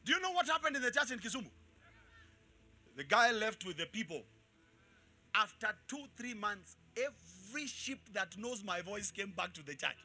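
Very high, bright-voiced preaching man. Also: very animated, moderate pace. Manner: loud call-and-response preaching, swinging from shouts to quiet asides. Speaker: pastor. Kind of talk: live sermon to a congregation. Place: church in front of a congregation.

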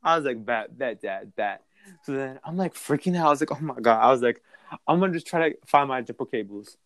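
A young man telling a story in a casual, animated and profane way, with a background. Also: medium pitch, fast, dry recording.

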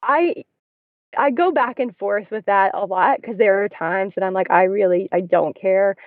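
A woman's voice: mid-range voice, normal speed, no echo. Chatty woman guest talking from her car, dry tinny phone sound. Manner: chatty, many fillers and restarts. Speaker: podcast guest, parent. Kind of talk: casual conversation.

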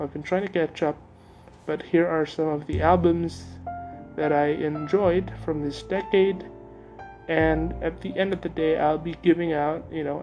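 A man's voice: on the high side, gravelly, a little mellow. A young man hosting his own podcast, talking casually and hesitantly with many fillers and restarts. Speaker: podcast host. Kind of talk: casual solo podcast talk.

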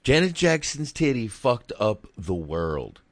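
A man's voice: medium pitch, sing-song, slow pace, no room sound. A man co-hosting a podcast, chatting casually about a movie, profane and rambling, with frequent laughs. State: sore throat after shouting. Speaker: podcast co-host. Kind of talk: casual movie review chat.

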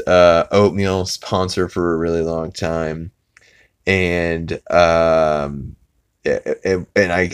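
A man hosting a podcast who casually recaps a cartoon episode, rambling with lots of fillers and swearing. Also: sits low. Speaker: podcast host.

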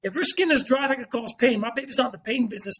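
Fast-talking emphatic man. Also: very high-pitched. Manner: animated, emphatic, repeats himself, swears freely. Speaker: podcast guest. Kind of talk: casual podcast chat.

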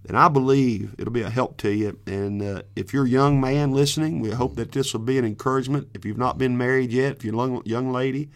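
Man, podcast host, casual rambling delivery. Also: mid-range voice. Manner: rambling, restarts often. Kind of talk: casual Christian podcast talk.

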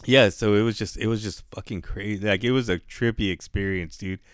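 A man's voice: fairly low pitch, a little fast, smooth, no echo, studio quality. A man telling a story in a laid-back, rambling podcast chat, swearing freely. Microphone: headphones and studio mic.

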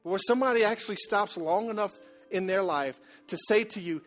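A middle-aged preacher man with a somewhat high voice, moving between hushed confession and surging, forceful calls to his listeners. Soft instrumental music plays under his sermon. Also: brisk, few pauses. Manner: swings from quiet confessional murmur to loud building exhortation.

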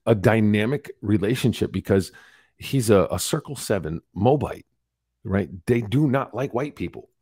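A man's voice: on the low side, moderate pace, breathy edge, no room sound. Candid man telling his story, dry close sound. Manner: candid, animated retelling with acted-out quotes. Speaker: podcast guest. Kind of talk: storytelling interview.

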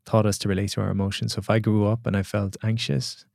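Fast-talking man, gravelly. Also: lowish voice, dry recording, studio quality. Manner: animated storyteller acting out quoted voices. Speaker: podcast guest, coach. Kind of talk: casual podcast conversation.

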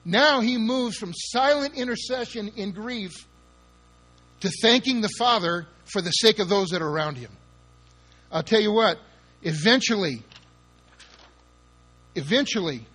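A man's voice: high voice, pushed and bright. A man preaching a sermon with emphatic, dramatic delivery, acting out the scenes he describes. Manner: emphatic, dramatic, spells words out and acts out quotes.

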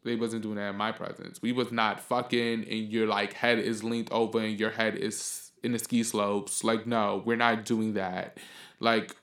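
A man's voice: lowish voice, flat delivery, a little slow, reverberant. A man hosting a podcast, giving blunt opinions in a casual monologue and ranting heatedly with lots of swearing. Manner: blunt, profane, heated ranting that flares up loud. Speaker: podcast host.

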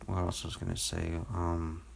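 Deep-voiced young man hosting a podcast from home, talking in a loose, rambling way with heavy swearing and constant filler words. His delivery is casual and unpolished, with no script behind it. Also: completely flat delivery, moderate pace, gravelly, a little hiss or hum. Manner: rambling, profane, full of fillers. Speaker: podcast host. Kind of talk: casual solo rant.

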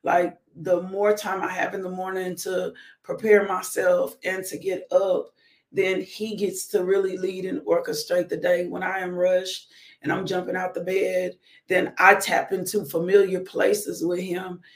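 A woman's voice: lowish voice, level tone, unhurried, roomy sound. A woman hosting a live-streamed morning devotional. She preaches conversationally, speaks straight to her viewers, and breaks into whoops and laughter. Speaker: devotional host.

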